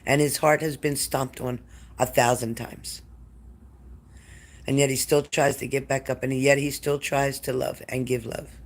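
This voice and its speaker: A man's voice: medium pitch, little pitch movement, measured pace. Emotional man giving live psychic readings. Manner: emotional, talks straight to viewers by name. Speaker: psychic reader. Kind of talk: live-stream spirit reading.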